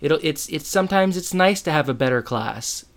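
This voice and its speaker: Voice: medium pitch, expressive, moderate pace. A podcast co-host who recaps a TV episode scene by scene in casual, joking chat.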